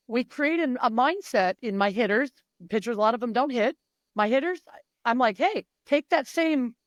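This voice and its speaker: A woman coach with a fairly high voice speaks with emphatic, animated energy. She swears freely and slips into the voices of her athletes, recorded close and dry with no room sound. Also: dry recording. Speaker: mindset and performance coach. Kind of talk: guest in a sports interview.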